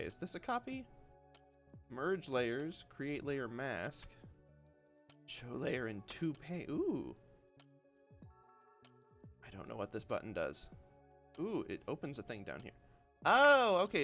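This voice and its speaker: This easygoing streamer from the southern US has a Southern accent and a medium-pitched voice. Drawing live, he keeps up a relaxed, rambling patter of self-talk full of ums and y'alls, with lo-fi music playing faintly in the background.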